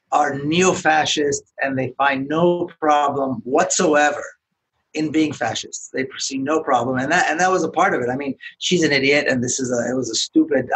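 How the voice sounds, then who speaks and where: A man speaking as a podcast guest, earnest and emphatic in a measured way. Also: medium pitch, a bit bright, a little hiss or hum, poor audio. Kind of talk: interview conversation.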